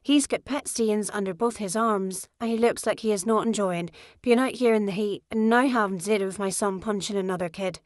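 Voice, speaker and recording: A woman's voice: mid-range voice, fairly quick, hardly any pauses, dry recording. Woman narrating an audiobook, dry sound. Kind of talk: first-person audiobook narration.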